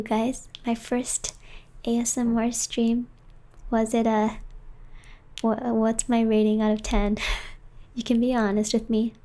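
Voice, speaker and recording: A woman streamer reading a story and chatting in a soft, playful whispered role-play, close to the mic. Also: fairly high pitch.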